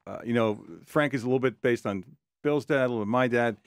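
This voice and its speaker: A man's voice: medium pitch, fast talker, clear, resonant tone, no echo. A man who works as a TV writer, chatting as a studio guest and telling anecdotes, acting out the people in them. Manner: storytelling, acts out quotes. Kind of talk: casual chat as studio guest.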